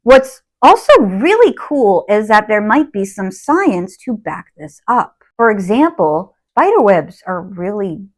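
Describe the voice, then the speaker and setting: A young adult woman telling stories to camera at home, rambling with lots of fillers and getting animated over old memories. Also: mid-range voice, measured pace, hardly any pauses. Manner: rambling, lots of fillers like "like" and "you know what I mean"; chatty, animated when retelling memories. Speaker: witchcraft content creator. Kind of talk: casual storytelling to camera. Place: at home by an open window.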